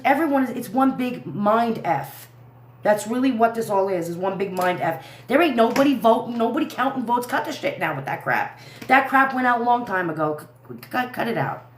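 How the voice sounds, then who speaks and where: A woman hosts a livestream, ranting angrily and swearing heavily as she trails off and starts again. Her voice is medium in pitch and sounds reverberant.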